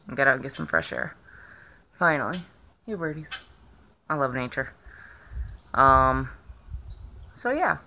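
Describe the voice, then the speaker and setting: A woman chatting casually in a vlog, rambling along with lots of filler pauses, filming herself on a phone outdoors. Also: very deep voice, lively intonation, vocal fry, pushed and bright, slight background noise. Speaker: vlogger. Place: outdoors in the sun.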